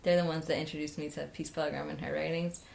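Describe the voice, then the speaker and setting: A young woman talking in a loose, chatty way, full of "like" and trailing restarts. Her voice sits a little low, but it leaps up when she acts out her own excited reactions. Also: quick pace, gravelly. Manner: chatty, animated, many "like" fillers, jumps high acting out her own reactions. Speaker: interview guest. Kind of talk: casual storytelling.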